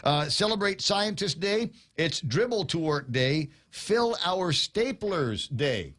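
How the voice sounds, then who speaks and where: A middle-aged man hosting a morning radio show, his voice a bit high for a man. He rambles in casual banter, tripping over fillers and restarts as he jokes along. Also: very animated, takes it slowly, a bit bright.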